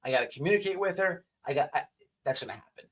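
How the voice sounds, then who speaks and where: A man's voice: on the high side, expressive, fast talker, a bit bright. A man hosting a livestream who talks in a rambling, profane way, full of restarts. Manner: rambling with many restarts and stammers. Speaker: livestream host. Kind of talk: casual profane commentary.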